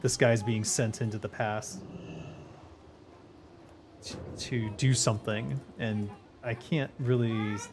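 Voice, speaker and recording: A man chatting casually during a gaming stream, laid-back and quick to laugh, with the odd swear word. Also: fairly low pitch, fairly even intonation, background noise. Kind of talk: casual chat while gaming.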